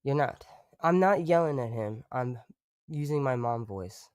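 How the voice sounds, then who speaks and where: A man's voice: medium pitch, lively intonation, measured pace, darkish tone, clean tone, dry recording, clean studio sound. A man streaming live, chatting casually and rambling, swearing freely and breaking off to talk to his dog.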